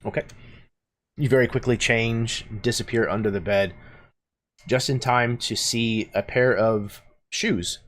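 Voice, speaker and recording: A man narrating as game master of a tabletop role-playing game, hesitant with fillers. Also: lowish voice.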